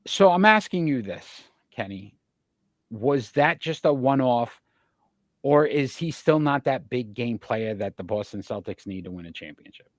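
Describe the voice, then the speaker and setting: A man's voice: medium pitch, lively intonation, a little slow, no echo. A man hosting a sports talk show, asking long winding questions full of statistics. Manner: asks long, winding questions packed with stats.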